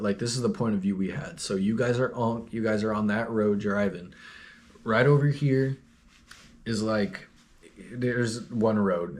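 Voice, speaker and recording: A young man telling a story in a rambling, slangy, profane, laid-back way. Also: lowish voice. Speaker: vlogger. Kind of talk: casual storytelling.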